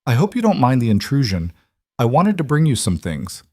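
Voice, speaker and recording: A man voicing a friendly, neighborly frontier mother in a storybook western, speaking brightly. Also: medium pitch, huge pitch swings, fairly quick, no echo, studio quality, voice pushed up. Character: friendly frontier mother, warm and cheerful woman.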